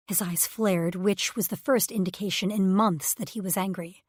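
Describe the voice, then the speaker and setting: A woman's voice: on the low side, unhurried, husky, no room sound, studio quality. A woman reading a first-person romance audiobook in an intimate, emotive way. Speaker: audiobook narrator.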